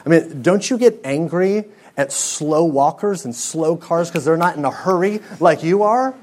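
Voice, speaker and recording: Young guy preaching to students, kinda high voice, lots of rhetorical questions. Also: expressive, moderate pace, a little mellow. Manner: conversational preaching with rhetorical questions and pop-culture stories. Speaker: speaker to a student audience. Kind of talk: sermon.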